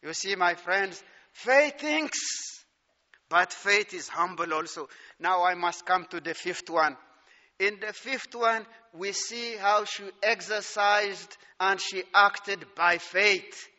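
A man preaching a sermon, slow and emphatic, citing scripture and chuckling between points. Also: high voice, sharp tone. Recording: dull sound with long hall reverb.

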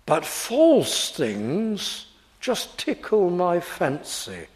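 A man preaching a sermon, slow and emphatic, asking his hearers rhetorical questions. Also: on the high side, lively intonation, darkish tone.

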